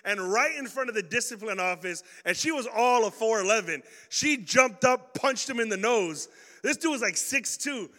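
Young male youth pastor, high bright voice, loose slangy storytelling, long hall reverb. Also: moderate pace. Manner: animated, slangy, swings from loud stories to hushed points. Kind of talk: energetic youth sermon with storytelling.

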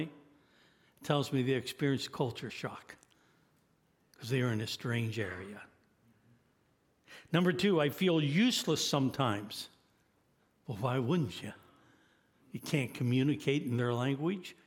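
A man's voice: medium pitch, animated, unhurried, pauses often. A man in his eighties preaching a sermon, earnest and building to emphatic exhortation. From United States. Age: 80s. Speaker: guest preacher.

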